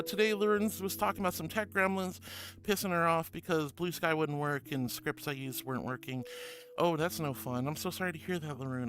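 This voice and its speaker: A man's voice: sits high, fairly bright tone. A man hosting a casual livestream, bubbly and affectionate, reading chat messages aloud and calling viewers honey and sweetheart. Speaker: streamer. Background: music.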